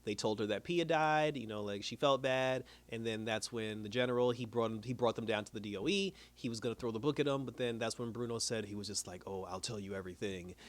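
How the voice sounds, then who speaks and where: Fast-talking casual man recapping a show. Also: mid-range voice. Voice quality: laid-back, slangy, laughs often. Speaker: TV episode reviewer.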